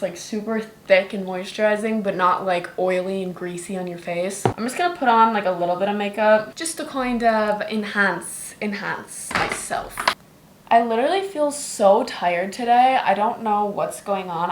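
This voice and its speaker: A woman in her twenties chatting casually to camera in her bedroom while doing skincare and makeup. She fills her talk with lots of "like". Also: mid-range voice. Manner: chatty, filler-heavy, lots of "like". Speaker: vlogger. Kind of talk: casual vlog chat. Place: bedroom at home, indoors.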